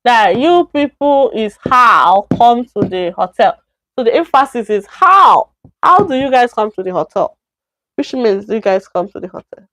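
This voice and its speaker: A woman with a Nigerian accent teaching a beginner Chinese lesson on a live stream, slowly repeating words and correcting herself. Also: fairly high pitch, animated, fairly bright tone, dry recording, studio quality.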